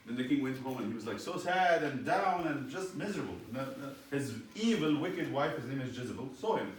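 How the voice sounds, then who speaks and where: A man's voice: mid-range voice, expressive, brisk, hardly any pauses. A man leading a Bible study class, retelling a story animatedly and checking in with his students. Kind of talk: storytelling lesson. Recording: echoey room, distant mic, faint noise.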